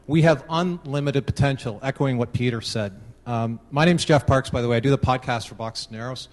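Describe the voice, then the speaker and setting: A man's voice: mid-range voice, a little fast. A Canadian man giving a casual short talk at a conference, telling a joke. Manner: casual, tells a joke with voiced characters. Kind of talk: open-mic talk with a joke. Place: large conference room. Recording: long hall reverb.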